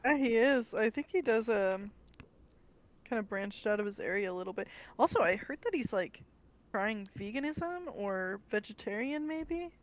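A woman's voice: mid-range voice, animated, moderate pace, poor audio. Chatty young woman podcast co-host. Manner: chatty, lots of fillers and laughter. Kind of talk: casual chat.

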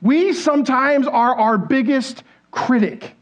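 Speaking slowly in a very high voice, a pastor preaches on a church stage in a chatty, conversational style. He asks the congregation questions and acts out quoted inner voices.

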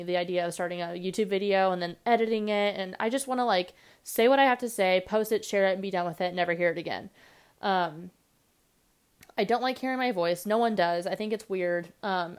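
A young woman hosting her own podcast, talking fast and rambling casually with lots of fillers. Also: medium pitch, clean tone. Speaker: podcast host. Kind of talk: casual solo podcast monologue.

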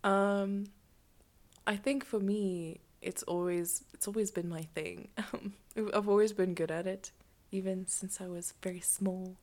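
A woman's voice: medium pitch, fairly even intonation, a little slow, darkish tone. A young woman co-hosting a casual podcast chat, laughing often as she talks. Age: young adult. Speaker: podcast co-host.

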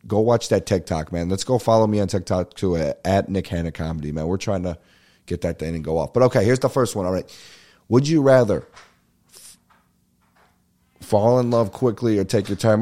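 A man's voice: low voice, normal speed, pauses often, warm tone. A young man hosting a comedy podcast, rambling and swearing in a laid-back, casual way. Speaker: podcast host and stand-up comedian. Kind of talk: casual solo podcast chat.

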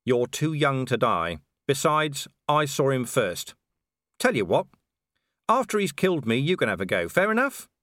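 A man's voice: medium pitch, very animated, normal speed, a bit bright, no echo, pitched above the performer's own voice. A man voicing a weary, dry-witted middle-aged male watch commander in an audiobook, sardonic and dry.

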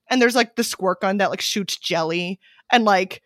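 A woman's voice: medium pitch, moderate pace, dry recording, clean studio sound. Chatty profane woman retelling a story. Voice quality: profane, animated storyteller with many fillers. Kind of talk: casual chat, retelling a movie plot.

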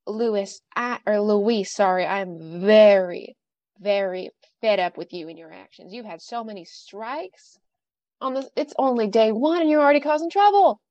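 A woman's voice: medium pitch, moderate pace, a little mellow, no echo, lightly acted. A woman voicing a stern middle-aged female camp director who scolds in a cold, clipped way, recorded a bit muffled. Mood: stern scolding. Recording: dry, slightly muffled recording.

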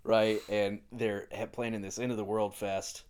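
Low-voiced man casually recounting scenes. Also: normal speed, clean tone. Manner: relaxed storytelling with frequent laughs and quoted lines. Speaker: podcast co-host. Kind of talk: casual chat.

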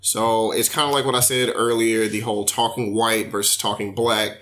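A man co-hosting a podcast, casually reading definitions aloud and commenting on them in a relaxed way. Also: fairly low pitch, normal speed. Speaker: podcast co-host.

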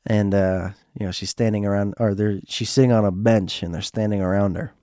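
A man hosting a podcast, telling a casual anecdote in a rambling, animated way and jumping higher when he quotes himself. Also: a little fast, no room sound, studio quality. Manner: animated, rises in pitch when quoting himself; rambling, with many fillers. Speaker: podcast host.

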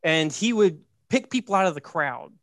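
A man with a fairly high voice runs through a story in casual podcast chat, animated and joking. He keeps checking in with "right?" and leaning on "like". The recording is close and dry. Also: moderate pace, no echo. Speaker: podcast host.

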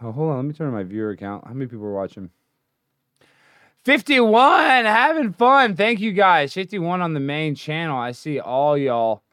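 A man hosting a comedic livestream, brash and boastful, jumping between loud shouting and low mumbling. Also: dry recording, clean studio sound. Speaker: livestream host.

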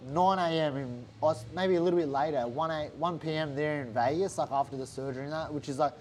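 A man with an Australian accent telling a story in a casual interview, animated and swearing often. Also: on the high side, quick pace. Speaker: interview guest, fighter.

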